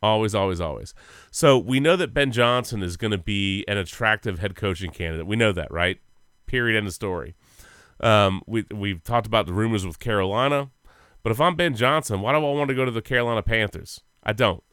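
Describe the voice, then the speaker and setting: A man with a lowish, smooth voice co-hosts a sports podcast, rambling through football news in a loose, profane way. He is close to the mic, and the sound is dry. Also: brisk, fairly bright tone, no room sound. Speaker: podcast co-host. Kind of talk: casual sports chat.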